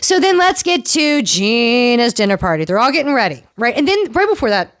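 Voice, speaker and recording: Woman podcast host, casual recap chat; frank, opinionated, scolds people directly; fairly high pitch, dry close sound. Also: sing-song, a little fast, no room sound. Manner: blunt, opinionated and swearing freely; addresses the cast members directly, as if scolding them. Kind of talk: casual reality-TV recap commentary.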